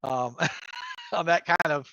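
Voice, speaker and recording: A man's voice: on the high side, slow pace, creaky, bright, forceful tone, no echo, lo-fi sound. A middle-aged man talking as a livestream guest about running games, rambling with many fillers and frequent laughs. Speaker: guest, game master and crafter. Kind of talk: casual livestream chat.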